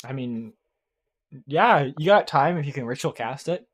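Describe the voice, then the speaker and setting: Halting, rambling game master. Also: medium pitch, lively intonation. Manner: halting, filler-heavy, self-correcting. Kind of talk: tabletop game narration.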